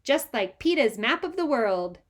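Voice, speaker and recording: A woman voicing a mischievous little boy who whines and sings in a high, wheedling voice while reading a children's story aloud. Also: sing-song, measured pace. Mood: playful. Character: mischievous little boy, cheeky and sing-song.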